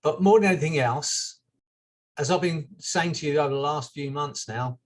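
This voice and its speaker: A man, a hypnotherapist, talking to a group in a gentle, chatty way with soft laughs. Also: fairly high pitch, normal speed. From England. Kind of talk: relaxed group therapy talk.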